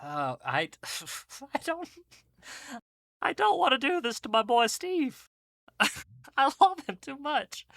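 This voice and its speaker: Slow-talking, bright-voiced podcast man. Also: very high voice, huge pitch swings, vocal fry, no room sound, studio quality. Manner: laughing, self-deprecating, trailing off. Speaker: podcast co-host. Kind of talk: casual chat.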